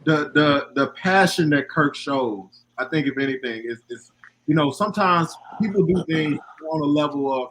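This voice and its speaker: A man on a panel about box truck work, telling lively stories and acting out what others said. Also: on the high side, moderate pace, slight background noise. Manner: animated storyteller acting out quoted dialogue. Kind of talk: casual panel talk.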